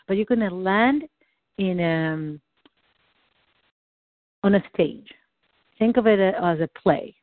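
A woman's voice: mid-range voice, slow, pauses often, no echo. Woman coach on a tinny call line. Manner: encouraging, guides with phrases to repeat. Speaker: tapping coach. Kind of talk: guided tapping session over a call.

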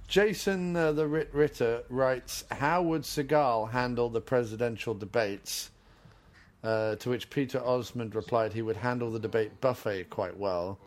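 A man's voice: mid-range voice, unhurried. A man co-hosting a casual movie commentary podcast, joking around. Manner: jokey, puts on silly voices. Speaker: podcast co-host.

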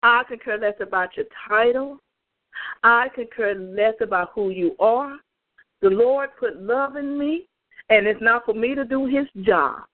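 The tinny phone line carries a woman evangelist's fairly high voice, moving a little slowly. She speaks directly to listeners on a prayer call, giving emphatic, fervent testimony.

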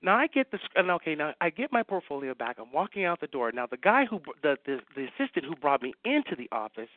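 Fast-talking man on a phone line. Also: fairly high pitch. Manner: excitable, acts out dialogue in anecdotes. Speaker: guest writer. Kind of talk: animated storytelling in a radio chat.

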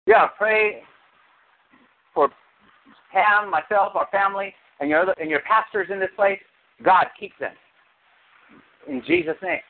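A man preaching a sermon as pastor, animated, with sudden high exclamations. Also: moderate pace, creaky, pauses often. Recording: tinny phone-like sound.

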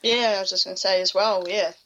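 A woman from New Zealand with a Kiwi accent, a podcast guest chatting in a relaxed, slightly hesitant way. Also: mid-range voice, fast, lo-fi sound. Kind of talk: casual chat.

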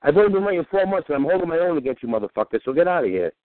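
A tipsy man trash-talking loudly and profanely as a guest rapper on a phone call. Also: a little high, very animated, very fast, over a noisy crowd. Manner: loud, profane trash talk. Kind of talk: rowdy podcast banter. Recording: tinny phone line.

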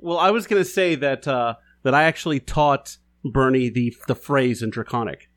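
A man's voice: medium pitch, moderate pace. A man playing in a tabletop game, chatting casually and joking with plenty of fillers. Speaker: player.

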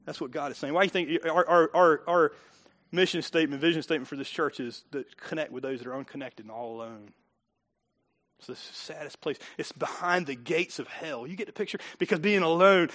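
A pastor preaching a sermon, dropping to quiet asides and rising to loud emphatic lines, laughing often. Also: male voice, a little high, fairly quick.

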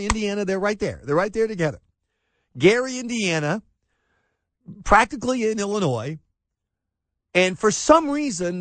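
A man's voice: high voice, no echo. A man hosting a talk radio show, delivering sarcastic, emphatic commentary full of rhetorical questions.

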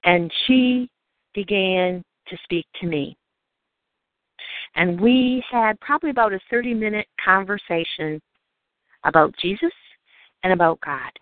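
A woman's voice: medium pitch, animated, no echo. Earnest woman preaching over a phone-like line. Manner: earnest, measured, slowing to read scripture. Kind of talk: evening devotional sermon with personal stories. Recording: dry, phone-like narrow sound.

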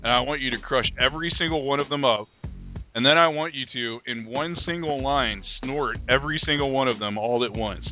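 A man's voice: mid-range voice, a little fast. A man co-hosting a live call-in comedy radio show, trading crude, mocking insults and laughing at his own jokes. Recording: phone-quality live radio stream with faint music.

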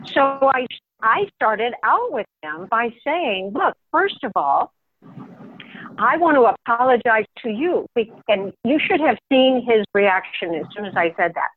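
An older woman on a community call tells a personal story in a reflective, soft-spoken way, pausing and restarting her sentences. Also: on the high side, big pitch swings, breathy edge. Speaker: call participant. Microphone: phone. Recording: tinny phone line.

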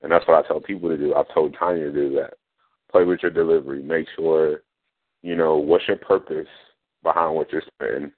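Man, radio host, very deep voice, tinny phone-line sound, casual chat. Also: fairly even intonation, a little fast. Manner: conversational, repeats "you know what I'm saying".

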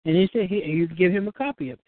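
A woman's voice: fairly low pitch, fast. A woman hosting a call-in show, giving casual advice, often restarting and acting out little dialogues. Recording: tinny phone line.

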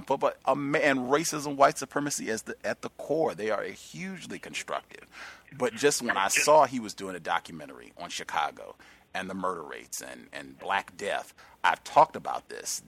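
A man hosting a radio talk show, speaking emphatically and slowing down to stress key words. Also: mid-range voice, fairly bright tone, no echo.

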